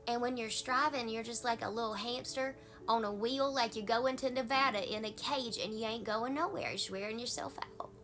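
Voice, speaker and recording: A woman's voice: on the high side, steady tone, normal speed, hardly any pauses, a bit bright. A woman pastor with a Southern US accent, giving a folksy, conversational devotional talk.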